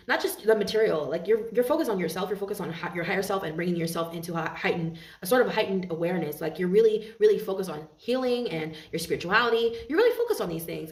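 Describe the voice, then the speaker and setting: A woman's voice: lowish voice, darkish tone. A woman giving a tarot reading to her viewers, earnest and heartfelt, often repeating and restarting her phrases. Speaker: tarot reader. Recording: roomy echo, mic at a distance.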